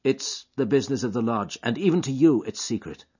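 A secretive young lover coaxes with an earnest brogue, as a male narrator puts him on. His voice rises and falls in a lively way and sounds slightly husky. The recording is dull and lo-fi. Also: mid-range voice, fairly quick. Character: young Irish man, smooth-talking, secretive lover.

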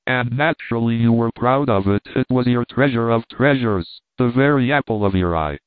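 A man's voice: medium pitch, clean tone, no room sound, close to an everyday voice. A man reading as a gloating, vengeful stranger. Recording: dry, tinny phone-like sound.

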